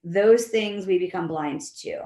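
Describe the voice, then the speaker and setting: A woman behavior analyst, a guest in an interview, explaining her methods in a lively way and acting out the voices of the people she quotes. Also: medium pitch, a little slow, echoey room. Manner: animated, acts out quoted voices. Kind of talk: conversational interview.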